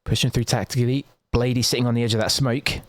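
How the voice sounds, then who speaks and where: A man's voice: mid-range voice, dry recording. Man casting a live match. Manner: quick, excitable play-by-play with casual asides to chat. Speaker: shoutcaster. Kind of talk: live esports commentary.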